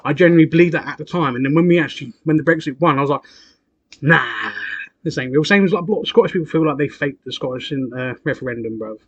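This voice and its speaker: A man's voice: a little high, rapid-fire, few pauses, no room sound, highs cut off. A young man, rambling and arguing in casual podcast chat, swearing and dropping as he goes. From United Kingdom. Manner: rambling, swearing, slangy, argumentative. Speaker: podcast co-host.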